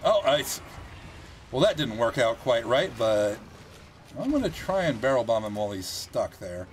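A man giving casual gameplay commentary, chatty and thinking aloud as he plays, with animated reactions. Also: mid-range voice, normal speed, a little hiss or hum.

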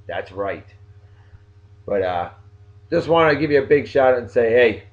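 A man's voice: medium pitch, lo-fi sound. A man with a New England accent hosting a casual video blog, joking as he talks straight to his viewers. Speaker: vlog host giving shout-outs.

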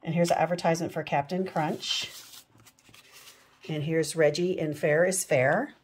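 Casual comic read-aloud, female, low and husky, light and amused. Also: steady tone, unhurried, pauses often. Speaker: reader of a comic book.

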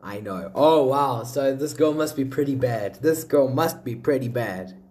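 A man talks through a casual reaction video in a lively, sing-song voice that swings up and down. He keeps exclaiming and repeating himself, tossing asides to his viewers. His pitch sits in an ordinary middle register. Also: a little slow. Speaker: video host.

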